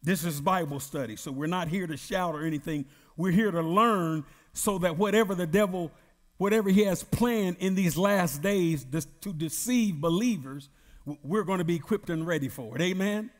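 A man's voice: high voice, in a large hall. A man preaching as pastor at a Bible study, emphatic, drawing out words and calling on the congregation to answer. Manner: emphatic, drawn-out preaching with call-and-response.

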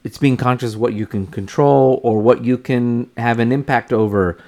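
A man co-hosting a casual podcast, talking in a calm, reflective way and thinking aloud. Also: mid-range voice, moderate pace. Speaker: podcast co-host.

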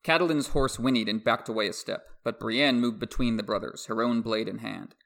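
A man co-hosting a podcast, reading a novel aloud in measured storytelling narration. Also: on the low side, gravelly, fairly bright tone. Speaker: podcast co-host.

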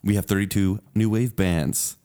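A man's voice: fairly low pitch, steady tone, moderate pace, mellow, clean tone. A man co-hosting a podcast, tossing in dry joking asides during casual chat. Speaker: podcast co-host.

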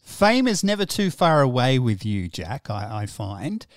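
A man's voice: mid-range voice, sing-song, measured pace, no echo, studio quality. A man hosting a casual interview, asking questions in a light, teasing way. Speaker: interviewer host.

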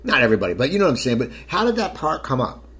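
A man's voice: mid-range voice, very animated, racing, a bit bright. A man interviewing a guest, often restarting his questions.

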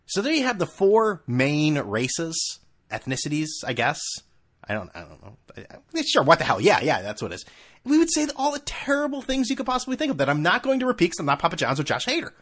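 A man's voice: fairly high pitch, wildly swooping pitch, fairly quick, a bit bright. A man in his thirties hosting a solo podcast from a room at home, ranting in a profane, sarcastic and heated way, full of restarts. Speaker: podcast host.

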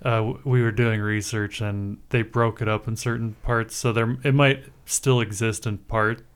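A man's voice: fairly low pitch, fairly even intonation, moderate pace, clean tone. A man co-hosting a podcast in casual chat, often hesitant as he pieces his memories together. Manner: hesitant, many fillers and restarts.

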